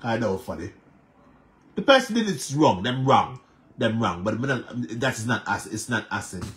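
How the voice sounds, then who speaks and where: A man's voice: medium pitch, big pitch swings, moderate pace, a bit bright, a little hiss or hum. A man with a Jamaican accent giving emphatic, repetitive casual commentary on social media drama, mixing patois with English. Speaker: online commentator.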